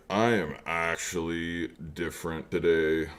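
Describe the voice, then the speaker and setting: This livestream trading host has a rumbling low voice with a clear, resonant tone, little pitch movement, and a slightly slow pace. His casual chat with viewers rambles, full of fillers, and he speaks to people in chat by name.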